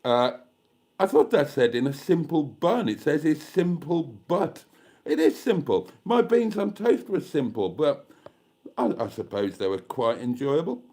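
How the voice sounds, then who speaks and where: This man's voice is a little high and darkish, moving through big pitch swings without hurrying. He's a British YouTube live streamer at home, reading viewer comments in a chatty, camp, self-mocking style.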